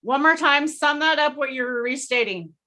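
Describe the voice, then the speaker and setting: A woman's voice: high voice, normal speed, sharp tone. A woman hosting a casual live stream, chatty and enthusiastic, with lots of fillers, over a video call. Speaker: host.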